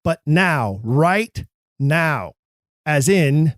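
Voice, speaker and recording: A man's voice: on the high side, animated, measured pace, no room sound, clean studio sound. A man hosting a podcast, lecturing on how actors should deliver classic verse in an emphatic, theatrical manner. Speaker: podcast host. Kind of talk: scripted lecture on acting Shakespeare.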